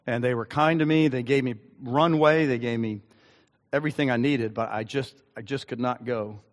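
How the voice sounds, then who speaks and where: Male pastor, earnest sermon, halting speech with ums, middle-pitched voice, long hall reverb. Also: fairly even intonation. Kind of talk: sermon with personal story.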